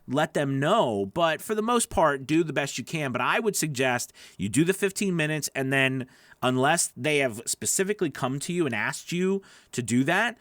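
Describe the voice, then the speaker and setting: A man with a slightly raised speaking pitch coaches voice actors in a relaxed, chatty way and answers viewers' questions as they come in. He sounds close and dry on a studio microphone, with no room echo around him. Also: moderate pace. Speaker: voice-over coach. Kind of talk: live-stream Q&A teaching.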